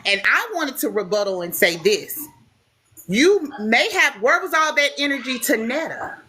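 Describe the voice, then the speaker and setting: Impassioned, tearful high-voiced woman. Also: big pitch swings, normal speed, pushed and bright, breathy edge. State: crying. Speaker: livestream host. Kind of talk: emotional livestream argument.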